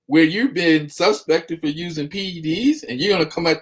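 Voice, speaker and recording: A man's voice: a little high, big pitch swings, brisk, hardly any pauses, a bit bright. A man hosting sports talk radio, making his points emphatically and often adding "okay?".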